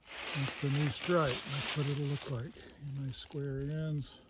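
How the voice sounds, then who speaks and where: A man casually explaining his work outdoors in the woods as he goes, in a halting way with many fillers, recorded on a handheld camera. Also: mid-range voice, level tone. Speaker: vlogger marking property boundary trees. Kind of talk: casual how-to narration while working. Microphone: handheld camera mic. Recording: outdoor camera audio with background noise. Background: outdoor nature sounds.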